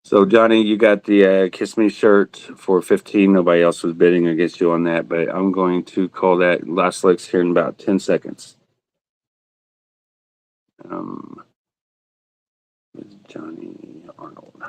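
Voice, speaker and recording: A man with a fairly low voice hosts a relaxed live auction, teasing himself and the bidders and laughing between items. His voice is recorded close and dry, with no room echo. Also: measured pace, gravelly, long pauses. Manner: joking, laughs often, self-teasing; talks buyers through bids by name. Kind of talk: casual livestream auction chat.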